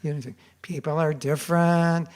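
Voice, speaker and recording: An older man giving a storytelling class at a temple, animated and acting out the voices of people in his stories. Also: a little high, moderate pace, smooth. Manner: animated, acts out quoted voices. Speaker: spiritual teacher giving a class. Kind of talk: storytelling sermon. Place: temple hall.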